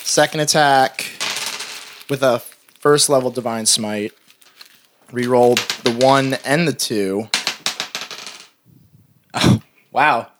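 A man playing a tabletop game, excitedly reporting his rolls and his character's reactions. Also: mid-range voice, slow pace, long pauses, noisy background. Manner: animated, excited about dice rolls. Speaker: player. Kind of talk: casual tabletop play.

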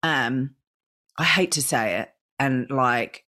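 An Australian woman hosting a podcast interview, chatty and animated, often tagging her points with a rhetorical question. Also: a bass voice, takes it slowly. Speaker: podcast host. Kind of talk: casual conversational interview.

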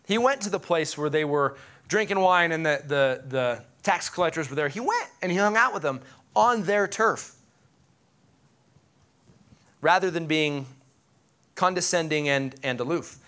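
A man preaching a sermon to his congregation, animated and joking, asking questions of the listeners and slowing down for scripture. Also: high voice. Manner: animated, joking asides, pauses to ask the congregation. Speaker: pastor.

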